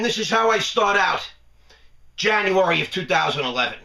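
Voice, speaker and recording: Give me a jokey guy hosting a live show, bright high voice, roomy sound. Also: big pitch swings, gravelly, recorded from a distance. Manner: playful, jokey, drawn-out emphasis. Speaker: host. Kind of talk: live webcast monologue.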